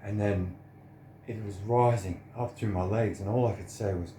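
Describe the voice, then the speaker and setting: A man's voice: lowish voice, brisk, mellow, roomy sound, a little hiss or hum. An earnest, sincere man, giving a preachy personal monologue to the camera. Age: 30s. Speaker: vlogger.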